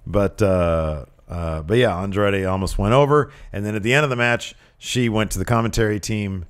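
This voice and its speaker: A young man co-hosting a casual wrestling review podcast, excitable and jokey, jumping between topics. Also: on the low side, normal speed, clean tone. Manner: excitable, jokey, slips into silly voices. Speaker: podcast co-host.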